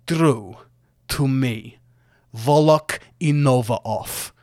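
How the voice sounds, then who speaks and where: A man's voice: mid-range voice, no room sound, studio quality, close to an everyday voice. A man voicing an arrogant, boastful male villain wrestler who taunts with sneering, grandstanding speeches.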